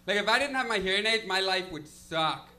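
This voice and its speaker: A young male stand-up comic with a bright, high voice performs a set on a comedy lounge stage. He talks briskly and expressively, with a self-deprecating, loose delivery heavy on filler.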